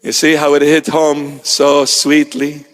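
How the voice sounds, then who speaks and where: A man's voice: on the high side, completely flat delivery, slow. A man preaching as a bishop, telling stories and acting out the people in them. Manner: storytelling, acts out quoted voices. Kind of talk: sermon. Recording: long hall reverb.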